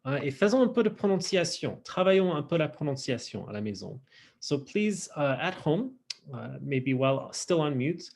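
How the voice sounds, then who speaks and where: Guy teaching french online, kinda husky voice, acts out the pronunciation big. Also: mid-range voice. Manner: modeling French pronunciation in an exaggerated, lively way. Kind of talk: online class lesson. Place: home, virtual class. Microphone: computer mic on a video call.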